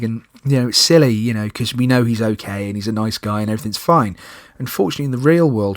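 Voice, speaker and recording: A young man hosting a podcast, telling a personal story in a lively way and acting out panicked moments in loud breathless bursts. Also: lowish voice, no room sound, studio quality. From United Kingdom. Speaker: podcast host.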